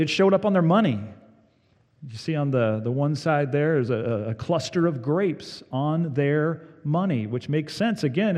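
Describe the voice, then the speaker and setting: A man preaching a sermon as pastor, leaning hard on key words, then dropping his voice low. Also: a little mellow, in a large hall.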